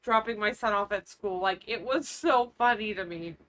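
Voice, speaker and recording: A woman in her thirties co-hosting a podcast, telling funny stories in a casual, animated way and laughing often. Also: mid-range voice, normal speed. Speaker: podcast co-host. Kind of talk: casual storytelling chat.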